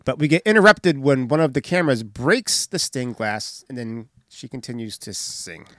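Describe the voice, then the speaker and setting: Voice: mid-range voice, normal speed, no room sound, clean studio sound. A podcast host casually recapping a comedy film scene by scene. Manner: animated, recounts scenes and does voices.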